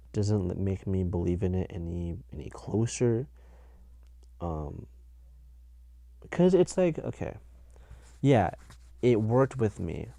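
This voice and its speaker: A man's voice: deep voice, creaky, warm tone, no room sound. A young man hosting a casual solo podcast, rambling and correcting himself as he talks. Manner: rambling, self-correcting, laughs at his own jokes. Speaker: podcast host.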